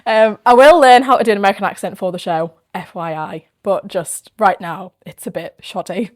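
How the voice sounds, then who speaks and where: A woman's voice: mid-range voice, brisk. Yorkshire woman, podcast host, chatty and bubbly, laughs easily. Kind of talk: casual podcast chat.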